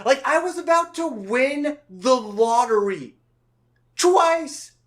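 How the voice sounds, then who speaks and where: A man voicing a furious young man who rants and swears without any filter, often shouting. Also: very high voice, animated, slow, pitched above the performer's own voice, full character voice. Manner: shouting, profane ranting.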